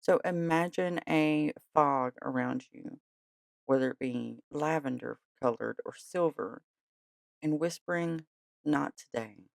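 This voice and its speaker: A tired late-night podcast host with a gentle, reassuring way of talking. The voice carries plenty of vocal fry and a gravelly edge. It is recorded close and dry, with no room sound. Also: medium pitch, measured pace, dry recording. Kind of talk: casual podcast talk.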